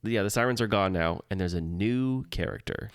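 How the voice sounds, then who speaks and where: A man's voice: lowish voice, moderate pace, clean tone, no room sound, studio quality. A man co-hosting a podcast in casual chat, mostly agreeing with short replies. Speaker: podcast co-host.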